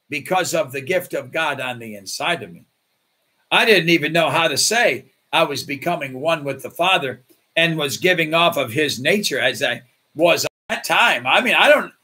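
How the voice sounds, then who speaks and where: A man's voice: a little high, husky. A man preaching as pastor, telling stories and acting out the voices of people in them. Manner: animated, acts out voices in his stories. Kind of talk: sermon with storytelling.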